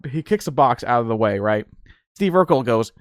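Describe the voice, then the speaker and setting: A man's voice: medium pitch, animated, moderate pace, dry recording, studio quality. A man hosting a podcast, rambling in casual chat with frequent laughs and fillers. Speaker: podcast host.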